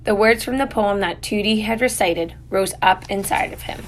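A woman reading an audiobook aloud in a measured, dryly wry manner. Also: medium pitch, slight background noise. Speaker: audiobook narrator. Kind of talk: scripted narration.

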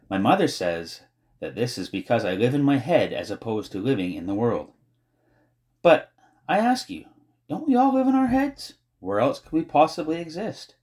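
A man voicing a dreamy, long-winded young boy with a pompous, unhurried way of talking in an audiobook. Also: medium pitch, darkish tone, lightly acted. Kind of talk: audiobook character voice.

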